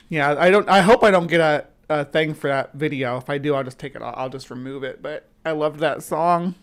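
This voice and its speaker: This woman from the central United States, somewhere between the South and the upper Midwest, is hosting a casual livestream. Her voice is deep and a little slow, and she rambles, interrupts herself to restart sentences, and chats with viewers as she goes.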